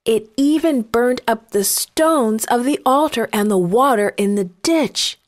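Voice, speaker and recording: Slow, gentle woman storyteller. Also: a little high. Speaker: narrator. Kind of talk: scripted children's Bible story narration.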